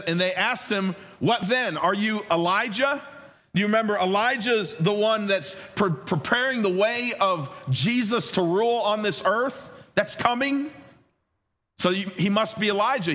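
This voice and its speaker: Man, pastor, preaching, rather high voice, lively, quizzes the congregation. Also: normal speed. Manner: animated, rising and dropping for emphasis, asks the congregation questions. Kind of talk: sermon.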